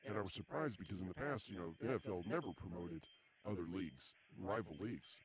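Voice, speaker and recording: A man's voice: sits low, expressive, fast talker, a crowd in the background. A man hosting a casual comedy podcast, talking in a dry, exasperated way. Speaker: podcast host. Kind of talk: casual comic chat.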